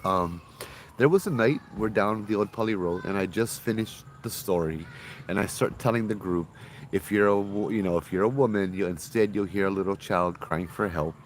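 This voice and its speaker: A man, a ghost tour guide telling spooky stories in a casual, animated way with local slang. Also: fairly low pitch, moderate pace, a little hiss or hum. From Hawaii.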